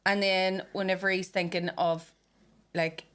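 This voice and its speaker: A woman's voice: on the low side, level tone, measured pace, a bit bright. A woman hosting a podcast, chatting casually with crude, giggly banter. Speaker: podcast host. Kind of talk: casual chat.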